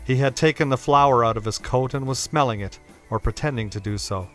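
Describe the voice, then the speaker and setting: A man reading a classic novel aloud as narrator, in a steady, measured, dramatic way. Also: mid-range voice, soft background music. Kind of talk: audiobook reading of classic fiction.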